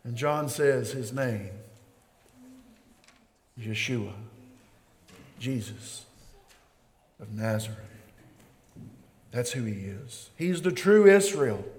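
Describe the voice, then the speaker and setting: A man preaching a sermon in a church, swinging between loud emphasis and quiet drops, calling on the congregation to respond. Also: a little high. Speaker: pastor. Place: church sanctuary. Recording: long reverb of a large hall.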